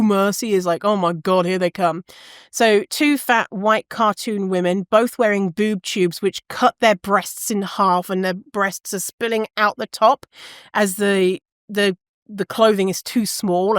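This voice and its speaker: Woman hosting a podcast, blunt and sarcastic, mid pitch, dry close sound. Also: no echo. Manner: frank, blunt and sarcastic, with casual swearing. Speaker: podcast host. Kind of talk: casual commentary describing media.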